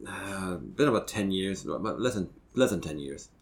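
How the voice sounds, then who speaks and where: Low-voiced man rambling through a story. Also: animated, gravelly. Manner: rambling storyteller, halting restarts. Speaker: podcast co-host. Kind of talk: casual podcast chat.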